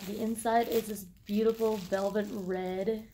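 A woman filming a casual unboxing vlog, gushing with excitement and swearing casually as she shows off what she got. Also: medium pitch, unhurried, slight background noise. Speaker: vlogger.

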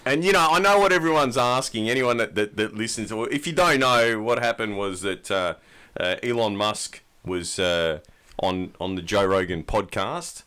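Bright-voiced Australian man, jokey podcast chat. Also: on the low side, moderate pace, smooth. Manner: jokey, laughs often. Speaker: podcast co-host. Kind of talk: casual chat.

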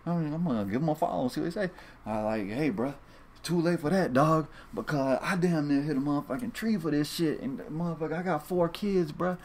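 Here the fantasy sports host speaks fairly quickly, his darkish voice pitched a little high. It's a casual, profane, meandering talk to viewers, packed with repetition and false starts.

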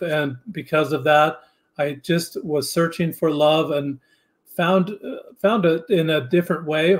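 A man guesting on a podcast, talking earnestly and haltingly with frequent restarts. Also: a little high. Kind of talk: casual interview chat.

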